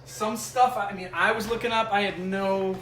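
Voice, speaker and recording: A man with a slightly higher voice hosts a casual home cooking vlog, joking and chatting with his viewers as he stirs and seasons. The kitchen sounds echoey, with faint noise underneath. His voice fades at moments when he moves away from the mic. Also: steady tone, normal speed, fairly bright tone, far from the mic. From United States. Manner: chatty and joking, thinking aloud while cooking. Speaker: cooking show host. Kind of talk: casual cooking vlog, talking to live chat.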